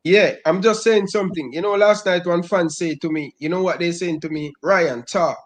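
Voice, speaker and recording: Man, high voice, insistent, heated livestream chat. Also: steady tone, brisk. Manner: insistent, repeats himself. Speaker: stream co-host.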